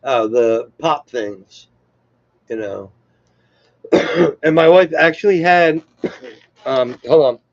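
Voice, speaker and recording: A man with a gravelly, creaky voice rambles through a self-deprecating comedy monologue on a live stream from home. His pitch sits in an ordinary middle range. The sound is dry and a little muffled, as on a lo-fi webcam mic. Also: takes it slowly, long pauses, no room sound. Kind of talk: rambling casual stand-up monologue.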